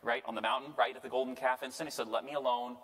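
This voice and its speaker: Male priest, mid-pitched, playful Bible teacher, heard with long hall reverb. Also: very fast, creaky. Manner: lively and joking, tags lines with "right?" and acts out quotes. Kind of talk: casual Bible lecture.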